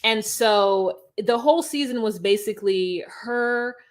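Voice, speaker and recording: A woman co-hosting a podcast in casual chat, blunt and quick to laugh, swearing freely as she recaps a show. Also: fairly high pitch. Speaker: podcast co-host. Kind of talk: casual chat about reality TV.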